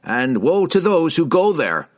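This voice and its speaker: A man voicing a suspicious male farmer who challenges strangers gruffly. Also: on the low side, lively intonation, normal speed. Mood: wary. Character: suspicious male farmer guarding his home, blunt.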